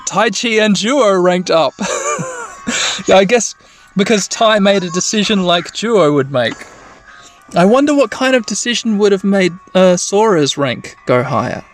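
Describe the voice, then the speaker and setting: A man talks through a video game in a soft bedtime manner, wandering off into wry little asides as he goes. His pitch moves about a lot. Faint music plays beneath him. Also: expressive, normal speed. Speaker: let's play narrator.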